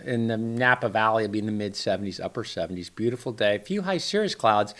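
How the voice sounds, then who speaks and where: A man's voice: medium pitch, a bit bright. A middle-aged man from Northern California giving a rambling, enthusiastic weather forecast from home. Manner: rambling, chatty, enthusiastic asides. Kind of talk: casual forecast chat.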